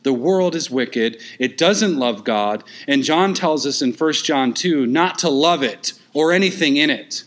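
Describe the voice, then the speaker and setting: A man preaching an expository sermon, emphatic and repeating key phrases, with quick asides and sudden pushes of emphasis. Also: fairly high pitch, lively intonation, fairly bright tone.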